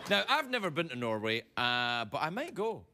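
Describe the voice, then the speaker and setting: A late-night host performs a playful, self-mocking comedy monologue in a TV studio before a live audience, breaking into sudden put-on voices. His voice is on the high side with wildly swooping pitch at normal speed, and audience laughter and noise fill the recording.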